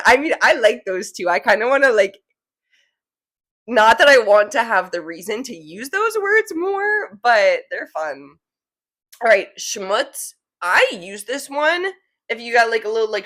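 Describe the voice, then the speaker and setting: A woman's voice: fairly high pitch, fairly bright tone. A young woman in her twenties from New Jersey, chatting casually to camera as a vlogger, with many fillers of "like". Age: 20s. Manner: chatty, fillers of "like", laughs easily.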